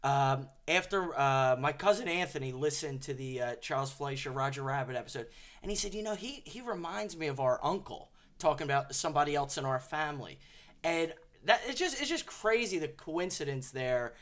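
A man's voice: on the high side, animated, brisk, fairly bright tone. A man hosting a podcast who interviews his guest with enthusiastic, repetitive chatter. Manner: enthusiastic, repeats words, fillers. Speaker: podcast host. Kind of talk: casual interview.

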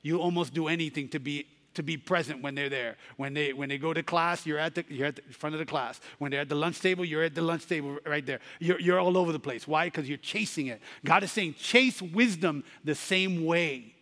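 A man's voice: fairly high pitch, fast, hardly any pauses, fairly bright tone, big-room sound. A man preaching a sermon, telling a story and rising to emphatic Bible readings.

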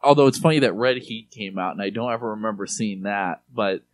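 A man's voice: on the low side, brisk. A man in his forties, co-hosting a podcast, chatting casually about movies in a rambling way with many restarts. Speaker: podcast co-host.

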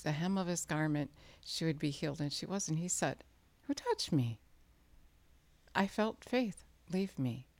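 A woman preaching an earnest sermon, acting out quoted lines with a rising voice and sometimes dropping to a near whisper for emphasis. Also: no echo. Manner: earnest, acts out quoted speech with rising pitch.

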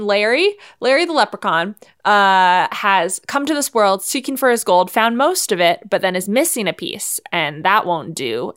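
A woman with a lowish, fairly bright voice and a clean tone co-hosts a podcast. She playfully invents a movie plot, giggling casually and filling her storytelling with lots of ums.

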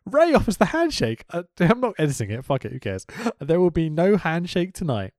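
A man co-hosting a casual podcast chat, animated and quick to laugh, swearing freely as he talks. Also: on the high side, no echo, clean studio sound. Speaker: podcast co-host.

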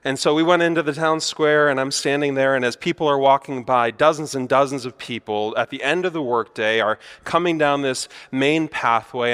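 A pastor giving a sermon, telling a story in a conversational way with self-deprecating humor. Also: male voice, mid-range voice, a bit bright, clean tone. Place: church sanctuary. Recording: church hall reverb.

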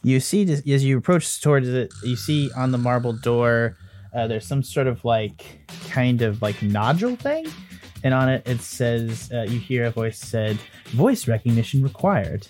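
A man narrating a tabletop game as dungeon master, in a relaxed way with many pauses and fillers. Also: medium pitch, soft background music.

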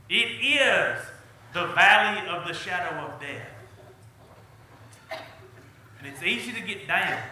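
This middle-aged pastor preaches in a folksy, earnest manner, pressing harder as he lands each point. His high voice is pushed and bright, with slight background noise in an echoey church hall.

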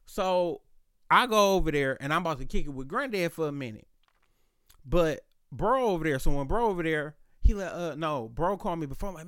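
A man with a slightly high voice tells a casual story on his podcast, animated and full of slang and cursing. The recording is dry and close, with no room sound. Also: fairly quick, clear, resonant tone, dry recording. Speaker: podcast host.

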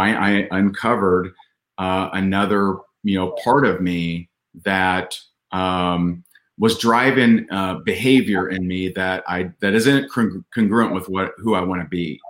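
Male guest, lower register, earnest conversational storyteller, fillers and restarts. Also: fairly even intonation, measured pace, fairly bright tone. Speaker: podcast guest. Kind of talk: casual storytelling.

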